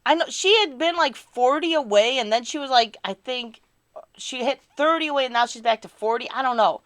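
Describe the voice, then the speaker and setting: A woman's voice: high-pitched, a little fast, fairly bright tone, no echo, studio quality. A woman chatting casually on a live stream, answering her chat in a rambling, candid and self-deprecating way.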